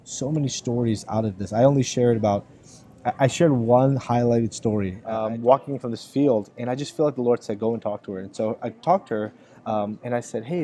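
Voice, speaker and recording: A man tells a story in an earnest, casual way, quoting the people he met without changing his voice. His voice is mellow and dark, at an ordinary pitch. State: choked up with emotion. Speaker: ministry leader giving an update. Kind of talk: casual spoken update.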